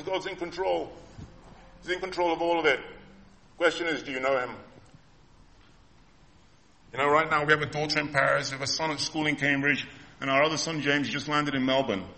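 A man's voice: on the high side, bright, forceful tone, slight background noise. A man in his fifties preaching an impassioned, emotional sermon.

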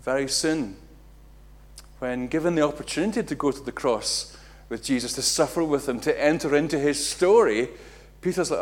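A middle-aged man preaching a sermon, acting out quotes with big jumps in loudness and pitch. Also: moderate pace. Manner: animated, acts out quotes with big swings in loudness.

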